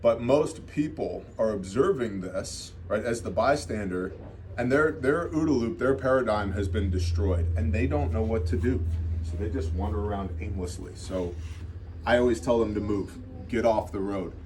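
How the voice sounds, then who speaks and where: A man teaching emergency response through a lively personal story, with emphatic asides. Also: fairly low pitch, normal speed, slight background noise. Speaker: emergency medical instructor. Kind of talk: anecdotal teaching talk.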